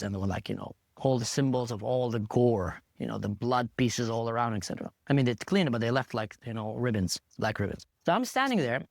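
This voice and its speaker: A man guest telling a first-hand story in an animated, emotional way, acting out what others said. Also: no echo, studio quality. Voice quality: animated, acts out quotes with big pitch jumps.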